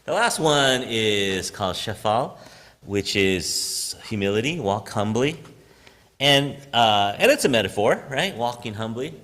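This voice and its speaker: Pastor giving a relaxed sermon, lively swooping pitch, chatty, laughs a lot, long church reverb. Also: male voice, measured pace. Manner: chatty, self-deprecating, laughs often, animated storytelling. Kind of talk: casual conversational sermon. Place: church sanctuary.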